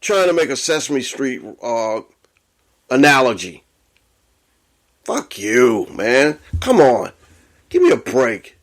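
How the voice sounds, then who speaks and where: A man's voice: medium pitch, sing-song, slow pace, pauses often. A man hosting a sports podcast, ranting angrily and swearing a lot as he gets worked up. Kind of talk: profane sports rant.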